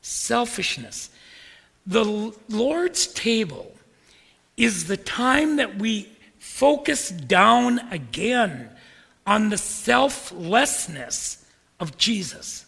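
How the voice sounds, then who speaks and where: Emphatic pastor, gravelly high voice. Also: male voice, big pitch swings, slow, long reverb tail. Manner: emphatic, repeating words and building to forceful peaks. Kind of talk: sermon.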